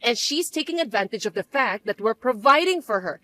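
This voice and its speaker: A woman voicing a scheming, bossy middle-aged mother-in-law who talks in a shrill, accusing way. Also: animated, a little fast, bright, forceful tone, no room sound. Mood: indignant. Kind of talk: dramatized story voice acting.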